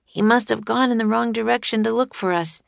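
A woman voicing a cautious, curious young boy with a croaky voice, in an audiobook. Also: on the high side, a little fast, no room sound, studio quality, pitched above the performer's own voice. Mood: worried. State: hoarse, croaking. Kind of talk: audiobook character voice.

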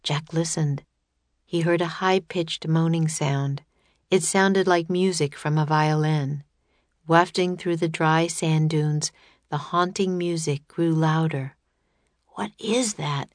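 A woman narrating a children's chapter book in steady, expressive scripted reading. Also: sits low, slow, dry recording. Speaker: audiobook narrator.

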